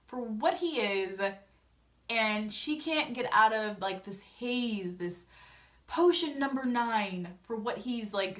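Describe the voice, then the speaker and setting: A young woman giving a sassy, animated casual recap of a reality show, acting out what people said. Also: fairly high pitch. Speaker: TV recap vlogger. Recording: voice a bit distant from mic.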